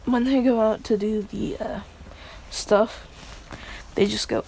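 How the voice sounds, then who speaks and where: A woman's voice: on the high side, fairly even intonation, slow pace, creaky, a little mellow, slight background noise. A young woman casually retelling a fan story, rambling, profane and laughing between lines.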